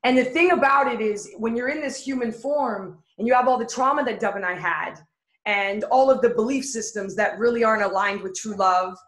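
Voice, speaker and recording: A woman's voice: fairly high pitch, a little fast, fairly bright tone. A woman guest in an interview, earnestly telling a personal story and building on repeated phrases. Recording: echoey room.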